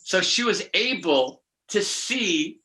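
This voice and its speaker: A man's voice: high-pitched, animated, takes it slowly, bright, forceful tone, poor audio. An older man, a numerologist guest, telling rambling spiritual stories with many restarts and laughs.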